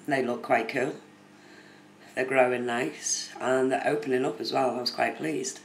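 Chatty streamer in an echoey room. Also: female voice, rumbling low, fairly even intonation, measured pace. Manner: chatty, reads viewer comments aloud. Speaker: live streamer. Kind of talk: casual live-stream chat. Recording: echoey room with faint noise.

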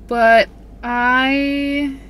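A woman's voice: high voice, flat delivery, very slow, a bit bright. A woman chatting casually and upbeat about her book haul in a vlog, rambling a little and a bit out of breath, talking from her car. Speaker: book vlogger.

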